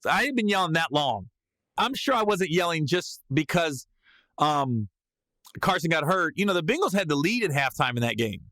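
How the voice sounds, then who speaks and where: A man hosting a podcast, telling a comedic story in a lively way and breaking into loud yelled reenactments. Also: on the high side, normal speed, no echo. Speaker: podcast host.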